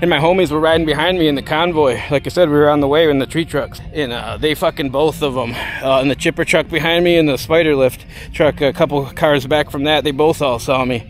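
A man's voice: on the high side, fairly even intonation, brisk, hardly any pauses, soft background music. A man telling a story casually, rambling and swearing heavily. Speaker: vlogger.

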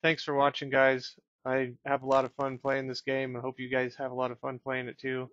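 A man's voice: mid-range voice, a little fast, no echo, muffled recording. A man hosting a gaming video, chatting casually as he reads out quest text and rewards. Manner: relaxed, chatty, reads game text aloud. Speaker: gaming channel host. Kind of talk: casual let's-play commentary.

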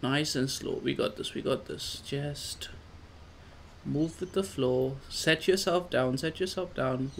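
A man doing casual let's play commentary, coaxing his character along with repeated calm-down phrases. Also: medium pitch, slow pace, slight background noise. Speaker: gamer.

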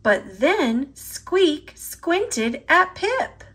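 Slow sing-song American woman storyteller. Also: high voice, big pitch swings, fairly bright tone. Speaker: storybook reader. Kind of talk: slow read-aloud for children.

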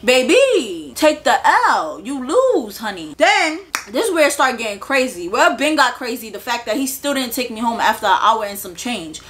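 A woman's voice: a little high, lively intonation, brisk, few pauses, a bit bright, slight background noise. A young woman from the Bronx with a New York accent, telling a blunt, slangy, profane story to camera in a casual storytime style. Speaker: storyteller vlogger.

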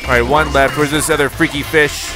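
A man's voice: a little high, fairly even intonation, brisk. A man giving let's-play commentary on his own game, yelping and exclaiming when things go wrong. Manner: reacts loudly, yelps and exclaims under pressure. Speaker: gaming video host. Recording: music playing behind the voice.

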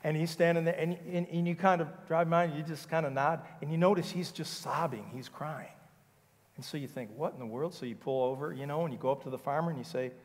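Male pastor, slightly raised pitch, casual animated sermon delivery, long church-hall reverb. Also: fast talker. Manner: conversational, animated storytelling with acted dialogue. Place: church sanctuary.

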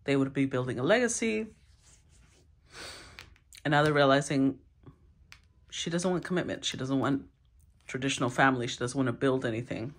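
A woman giving a solo tarot reading, thinking aloud with sighs, restarts and throat clearing. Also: extremely low pitch, lively intonation, moderate pace, pauses often. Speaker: tarot reader.

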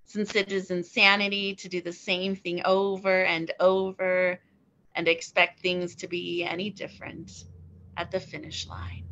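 A woman reads a spoken word poem slowly, leaning on every pause. Her voice is bright and clear-edged. The recording sounds somewhat dull and lo-fi. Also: on the low side. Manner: measured, deliberate delivery with weighted pauses. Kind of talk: slow spoken word poetry reading.

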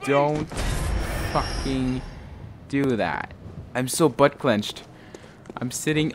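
A man's voice: mid-range voice, expressive, slow, pauses often, over music. A man hosting a let's play who talks jumpily, exclaims often and swears a lot. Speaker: gaming channel host. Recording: game sounds audible behind the voice.

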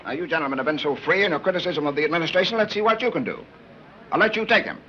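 A man playing an indignant city official giving brisk commands, on a dull 1930s film soundtrack with hiss. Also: fairly high pitch, sharp tone. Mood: blustering. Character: indignant blustering city mayor.

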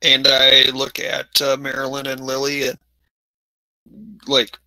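Slow, sharp-voiced man playing a tabletop game. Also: medium pitch, completely flat delivery, no echo, poor audio. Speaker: player. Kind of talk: in-character tabletop play.

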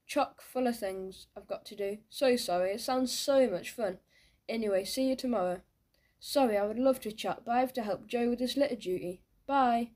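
A woman reading aloud as a hurt, stubborn schoolboy in a children's audiobook, pitched a touch high with a mellow, warm tone. He comes across as indignant and quick to take offence. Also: close to an everyday voice. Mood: flustered.

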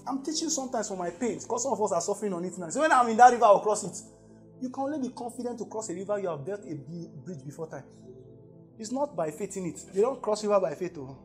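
A man with a Nigerian English accent preaching a sermon to a campus congregation, swinging between loud emphatic calls and low asides and asking the crowd questions.

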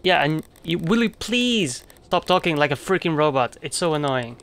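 A young heroine lashing out with quick, cutting insults, in a let's player's own voice. The tone is bright and pointed. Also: medium pitch, expressive. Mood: snapping. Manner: snappy, insulting. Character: young glass girl heroine, sharp-tongued.

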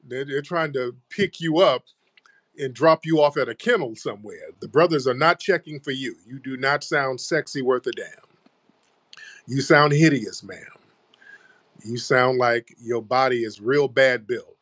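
A man hosting a live stream trades insults in a heated argument. He mocks and taunts the caller in a mid-pitched, steady voice, and the close mic sounds dry, with no room sound. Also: measured pace, dry recording. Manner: mocking, taunting, repeating "ma'am". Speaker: livestream host.

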